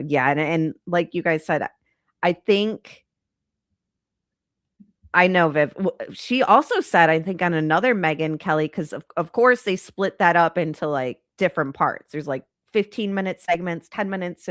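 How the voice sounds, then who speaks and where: A woman's voice: sits low, a bit bright, no room sound, studio quality. A congested woman hosting a true crime channel, talking in a chatty, rambling, exasperated way. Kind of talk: casual commentary on a live stream.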